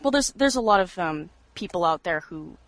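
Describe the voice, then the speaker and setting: A woman co-hosts a casual podcast in a fairly low voice and drops short, dry, teasing remarks. The sound is dry and close-miked. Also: lively intonation, moderate pace, a bit bright, no echo, low-quality recording. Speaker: podcast co-host.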